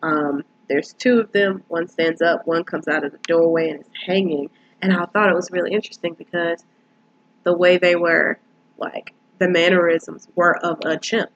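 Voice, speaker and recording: A woman's voice: on the low side, steady tone, moderate pace, lo-fi sound. A woman casually retelling and reviewing a film, rambling with lots of fillers.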